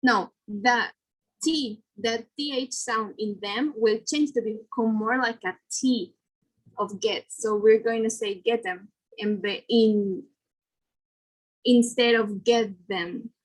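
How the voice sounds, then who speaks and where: A woman's voice: fairly high pitch, fairly even intonation, slow, poor audio. A woman presenting a lesson, explaining step by step with fillers and self-corrections. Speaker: student presenter.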